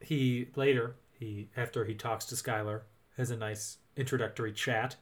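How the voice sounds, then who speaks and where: A man co-hosting a podcast, telling a movie's plot in a jokey, animated way. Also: medium pitch, moderate pace. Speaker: podcast co-host. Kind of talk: casual movie recap chat.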